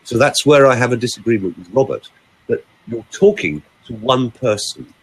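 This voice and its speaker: A man, a vocal coach, talking in a podcast chat and demonstrating delivery with lively emphasis. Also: mid-range voice, moderate pace, breathy edge.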